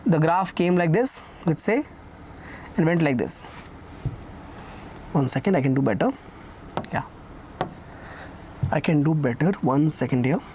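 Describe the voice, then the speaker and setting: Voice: mid-range voice, darkish tone, a little hiss or hum. A teacher giving a recorded math lecture, repeating key phrases and asking questions that they answer themselves. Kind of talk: recorded exam-prep lecture.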